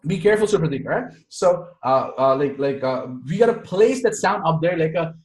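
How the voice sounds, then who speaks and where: A man's voice: a little high, lively intonation, fairly quick, roomy sound, rough recording. A man teaching an online singing lesson over a video call, chatty and forever checking in with "right?". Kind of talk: casual online music lesson.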